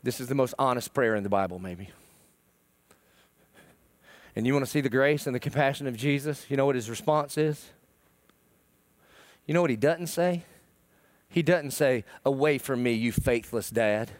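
A middle-aged male pastor preaching a sermon, swinging between loud pleading and hushed, emotional tones. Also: mid-range voice, moderate pace, long pauses, no echo. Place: church.

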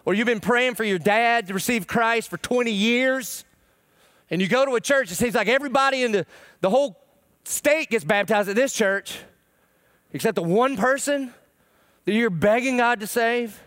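A middle-aged male pastor preaching a sermon, swinging between loud pleading and hushed, emotional tones. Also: extremely high pitch, moderate pace, no echo, studio quality. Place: church.

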